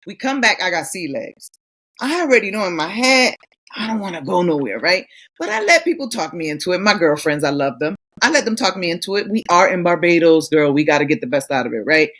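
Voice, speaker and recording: Middle-aged woman co-host, brash and profane, lively storyteller, casual banter. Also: on the low side, fairly quick. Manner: blunt, profane, animated storytelling. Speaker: podcast co-host. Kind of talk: casual chat.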